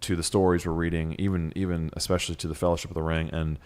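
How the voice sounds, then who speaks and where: A very low-pitched man from Ohio who co-hosts a casual podcast. He chats easily and breaks into enthusiastic asides while he reads listener mail aloud. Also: little pitch movement, quick pace, darkish tone, clean tone. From Ohio, USA. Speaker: podcast co-host.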